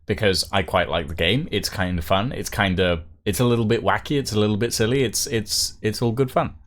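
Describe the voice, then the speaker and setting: A man's voice: lowish voice, fairly even intonation, brisk. A man chatting casually on a live stream, rambling with lots of fillers and restarts.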